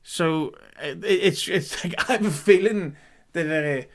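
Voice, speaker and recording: A man's voice: high-pitched, unhurried, vocal fry. A man co-hosting a podcast in casual chat, giving wry, critical commentary. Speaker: podcast co-host.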